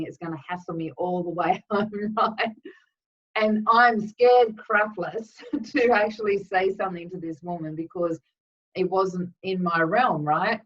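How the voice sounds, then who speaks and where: A woman giving a spiritual talk, telling a rambling, chatty story full of asides. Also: fairly low pitch. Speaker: spiritual teacher. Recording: dull, distant recording.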